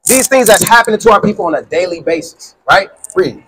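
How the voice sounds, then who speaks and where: A man's voice: high voice, expressive, fairly quick, music in the background, low-quality recording. A man preaching in the street with call-and-response, insistently quizzing a listener and repeating his questions.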